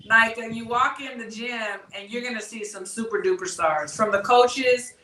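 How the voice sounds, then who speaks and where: A woman's voice: a little high, normal speed, sharp tone. A woman from Texas, hosting a boxing talk show in a chatty, casual way that often repeats words as she starts a phrase. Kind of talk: casual interview chat. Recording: echoey room, distant mic.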